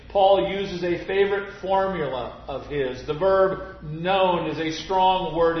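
A man preaching a sermon, speaking deliberately and stressing key words emphatically. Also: sits high. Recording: roomy, slightly dull recording.

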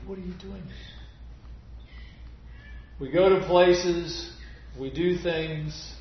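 Slow, echoey preaching man. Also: on the high side. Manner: slow, deliberate preaching, dropping to near-whisper on key phrases. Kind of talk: sermon. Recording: muffled, very echoey church recording.

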